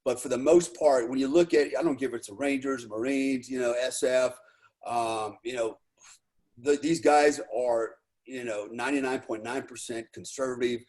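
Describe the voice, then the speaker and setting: A man's voice: medium pitch, steady tone, moderate pace, a little mellow. Rambling man in casual talk. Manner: rambling, heavy use of "you know", profane. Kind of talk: casual chat.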